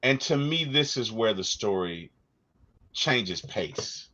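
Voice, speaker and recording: A man co-hosting a casual movie discussion, telling stories with animated energy and acting out quotes. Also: medium pitch, slow pace, highs cut off. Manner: animated storyteller, acts out quotes. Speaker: podcast co-host.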